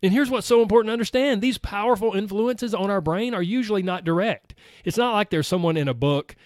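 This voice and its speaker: A man's voice: high voice, a little fast, no echo, clean studio sound. A man hosting a motivational podcast, talking earnestly and acting out his listeners' objections. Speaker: podcast host.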